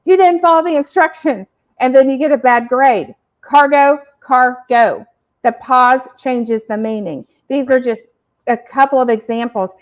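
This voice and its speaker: A woman hosts a podcast for parents and explains each point with energy and emphasis. Her voice sits slightly high, and she sometimes acts out short examples. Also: moderate pace, muffled recording. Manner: animated, emphatic, uses acted examples. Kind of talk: educational explaining.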